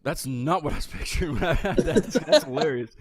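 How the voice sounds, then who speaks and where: Fast-talking Southern host. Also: male voice, on the high side, expressive, over a noisy crowd. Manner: rambling, stammers and repeats words. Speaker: host of a live music show. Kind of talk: casual live-stream interview.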